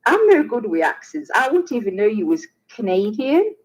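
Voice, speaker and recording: Lively chatty British woman. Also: medium pitch, moderate pace, muffled recording. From Britain. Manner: chatty, trails off and restarts mid-sentence. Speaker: livestream host. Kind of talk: casual chat.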